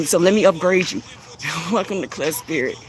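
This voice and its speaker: A woman with a deep, bassy voice gives a spiritual coaching monologue, preachy and repetitive, chuckling between phrases. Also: measured pace. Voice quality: deep voice with bass. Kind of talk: spiritual motivational monologue to camera.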